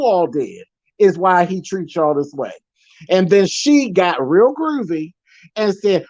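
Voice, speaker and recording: A man's voice: sits high, sing-song, a little slow, a little mellow, no room sound, highs cut off. A man speaking as a guest on an online panel chat, blunt and emphatic, repeating points for force.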